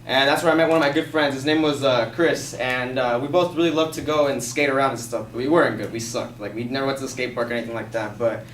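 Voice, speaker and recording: A man's voice: mid-range voice, fairly even intonation, quick pace, few pauses, a bit bright. A young man casually telling a personal story to a class, rambling and peppering his speech with "like" and profanity. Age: young adult. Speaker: student storyteller. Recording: echoey classroom, mic far off, faint hiss.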